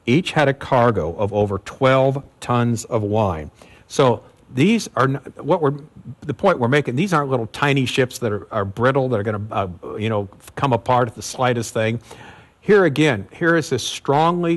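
Male pastor, mid-pitched voice, relaxed teaching sermon, repeats words for emphasis. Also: moderate pace. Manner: conversational teaching with fillers and emphatic repetition. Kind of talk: expository sermon.

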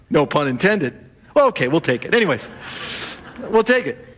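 Man, sermon, lively storytelling, fairly high voice. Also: normal speed, a little hiss or hum. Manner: animated storytelling, acts out voices of the disciples. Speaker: pastor.

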